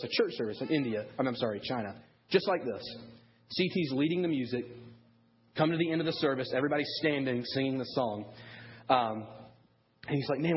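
A man preaching a sermon to parents, telling a story in a lively way and acting out the people he quotes. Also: medium pitch, lo-fi sound. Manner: animated storyteller, acts out quoted voices. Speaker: pastor.

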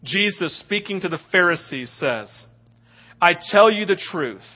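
Guy preaching a sermon, pretty high voice, lively and acts stuff out, kinda dull lo-fi audio. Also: measured pace. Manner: animated, acts out scenes in quoted voices. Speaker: pastor.

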